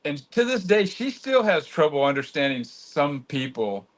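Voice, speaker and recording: A man chatting easily as a livestream guest, talking slowly and telling animated stories. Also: a little high. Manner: easygoing, slow-talking, animated storyteller. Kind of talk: casual livestream chat.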